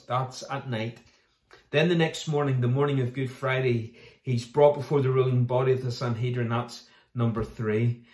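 A man preaching to his congregation in a relaxed, chatty way. He slips into quick little voices for the people he quotes. His mid-pitched voice carries the echo of a roomy hall. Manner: conversational, acts out quoted voices. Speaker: pastor. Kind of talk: sermon.

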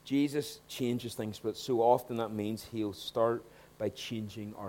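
A man preaching a sermon, swinging between hushed asides and loud, emphatic points. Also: lowish voice, steady tone, measured pace, a little hiss or hum.

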